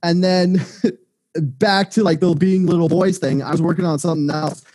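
A man's voice: high voice, steady tone, moderate pace, dark tone. A man co-hosting a casual podcast, telling crude, joking stories from his day. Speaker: podcast co-host.

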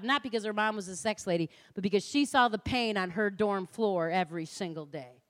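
A middle-aged woman with a mid-range, slightly bright voice delivers a passionate public lecture in a lecture hall. She's punchy and direct, acting out the people she quotes.

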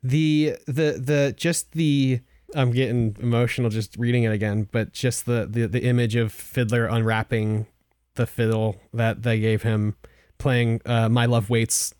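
A man's voice: mid-range voice, level tone, a little mellow, clean tone, dry recording, clean studio sound. A man co-hosting a book podcast, talking casually with many restarts and getting emotional. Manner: halting, restarts often, emotional. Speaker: podcast co-host.

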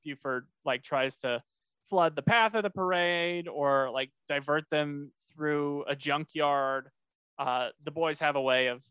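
A man's voice: mid-range voice, pushed and bright, clear, resonant tone, dry recording. A man co-hosting a casual podcast, recapping a cartoon episode in a rambling way with many fillers and restarts.

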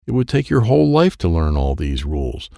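A man's voice: sits low, big pitch swings, a little fast, creaky, mellow, dry recording, clean studio sound, heavily acted. A man voicing a curious, earnest young girl.

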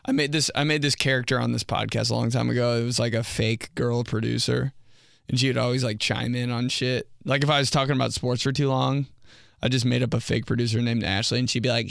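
A young man riffs through a solo comedy podcast, loose, profane and rambling, now and then jumping into high mock voices for a laugh. His voice sits at an ordinary pitch. He is recorded close on the mic in a very dry, dead room. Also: creaky, a bit bright, no room sound. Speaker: podcast host.

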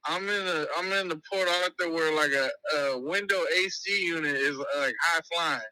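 A man's voice: a little high, normal speed, sharp tone, clear, resonant tone, low-quality recording. A man in casual podcast chat, joking in laid-back banter. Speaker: podcast co-host.

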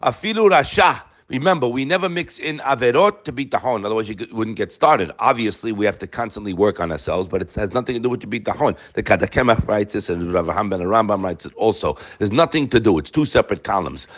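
A man's voice: fairly low pitch, animated, fast talker, hardly any pauses. A man teaching a daily Torah class, firing rhetorical questions and mixing Hebrew terms into his English.

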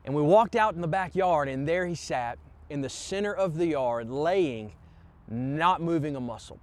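A pastor preaches an impassioned sermon, urging his congregation on with repeated calls of "come on." His voice is fairly high and expressive, at a normal speed.

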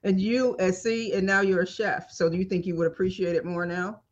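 Higher-voiced man hosting a podcast. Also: little pitch movement, brisk, lo-fi sound. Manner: gentle, probing questions and long reflective turns. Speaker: podcast host. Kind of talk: podcast interview.

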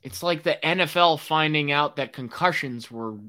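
A young man hosting a solo podcast, ranting excitably in casual speech, with lots of fillers and swearing. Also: a little high, normal speed. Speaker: podcast host. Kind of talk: solo rambling podcast monologue.

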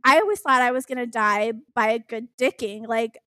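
A young woman with a fairly high voice tells a story in a close, dry recording. She is animated and expressive and swears freely as she laughs through it. The tone is casual podcast chat. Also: moderate pace, smooth, no room sound.

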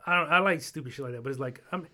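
A man's voice: medium pitch, rapid-fire, bright, forceful tone. A man hosting a podcast, telling a casual story in a rambling way, full of fillers and restarts. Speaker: podcast host.

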